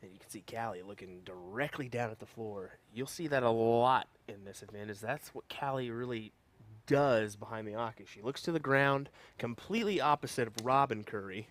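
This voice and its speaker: A man's voice: mid-range voice, normal speed, a bit bright. A man co-commentating live darts, laid-back, telling stories and poking fun at himself. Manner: laid-back, tells anecdotes, self-deprecating.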